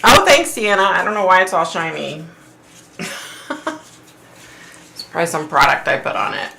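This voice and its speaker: Gravelly, giggly woman hosting a live stream. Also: normal speed, sharp tone. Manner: giggly, greets viewers by name in high squeals. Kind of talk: casual live-stream chat greeting viewers. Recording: roomy echo with faint noise.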